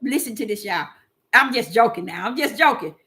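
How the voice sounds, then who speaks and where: A woman giving animated, preachy casual commentary to her viewers, often repeating words and using fillers. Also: on the high side, brisk.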